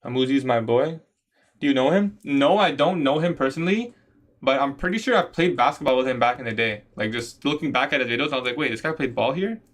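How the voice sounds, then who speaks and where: A young man from Canada casually chatting on a trading livestream, answering viewer questions in a relaxed, slangy way. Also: medium pitch, quick pace. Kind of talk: casual livestream chat reading comments.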